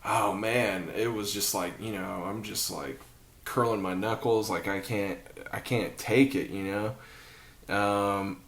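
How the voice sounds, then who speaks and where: A man with a somewhat low voice hosts a podcast conversation. He talks in a relaxed, casual way. His speech is full of easygoing fillers. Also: slow pace. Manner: relaxed, friendly filler words like "dude" and "you know". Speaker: podcast host.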